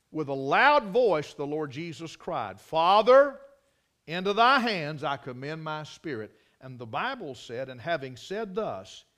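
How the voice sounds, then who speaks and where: A man preaching a sermon, with dramatic swings from hushed asides to loud, ringing declarations. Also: a little high.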